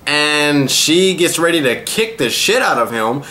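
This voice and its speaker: A man's voice: on the high side, expressive, unhurried, bright, forceful tone. A man casually recapping an anime episode in a crude, rambling way, full of profanity. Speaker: anime reviewer.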